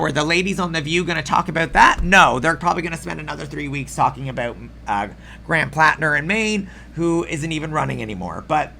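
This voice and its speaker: A man delivering an opinionated video commentary in a sarcastic, profane, exasperated rant, with a slightly rough throat. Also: on the high side, pushed and bright, slight background noise. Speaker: political commentary host.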